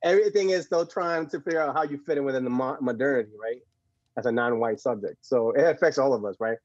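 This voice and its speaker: A young adult man from Puerto Rico with a Puerto Rican accent, a podcast guest telling stories in a slangy, animated way and laughing often. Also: mid-range voice, quick pace, no room sound, muffled recording. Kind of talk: casual podcast conversation.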